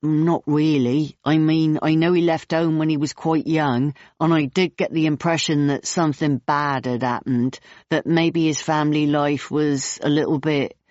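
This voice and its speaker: A man's voice: a little high, fairly even intonation, moderate pace, hardly any pauses, a little mellow, no room sound, natural voice. A narrator voicing an easygoing, friendly male clown with a West Country accent, a bit hesitant, on a dull, dry recording. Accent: West Country English.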